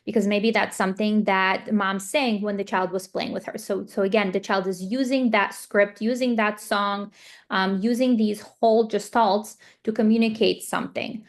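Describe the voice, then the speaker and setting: Woman, speech therapist, parent training, example-driven explanation, frequent fillers, mid pitch. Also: fairly even intonation, normal speed. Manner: explanatory, repeats points with example scenarios. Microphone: video call.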